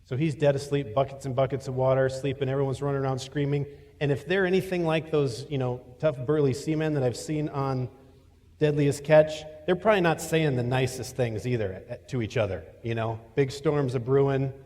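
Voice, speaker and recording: A man preaching a sermon as a pastor, telling a story in a voice that swings from loud to hushed. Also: medium pitch, steady tone, fairly quick, in a large hall. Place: church.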